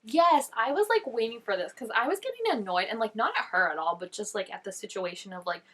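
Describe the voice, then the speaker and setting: A woman's voice: medium pitch, lively intonation, quick pace, a bit bright. A young woman hosting a reaction video, chatting casually and gushing over each scene, with lots of "like" fillers. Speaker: reaction channel host.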